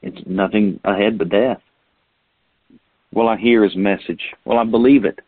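A man preaches in a low voice, posing question after question to his listeners and reading scripture aloud. The sound is thin and tinny like a phone line, with a dry, close feel. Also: measured pace, husky, no room sound. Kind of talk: sermon.

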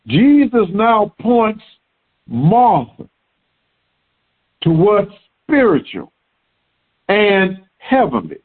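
A man preaching a sermon in an animated way, repeating words for emphasis. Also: sits high, very slow, pauses often, slightly rough. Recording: tinny phone-like sound.

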